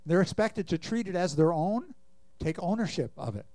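A man's voice: high voice, animated, moderate pace, darkish tone, dry recording. A man preaching a sermon, earnestly reading scripture and asking the congregation questions. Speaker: pastor.

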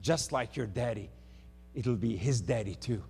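A man preaching a sermon in church, impassioned, swinging between loud outbursts and hushed words. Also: mid-range voice, expressive, unhurried, soft background music. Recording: hum in a reverberant hall.

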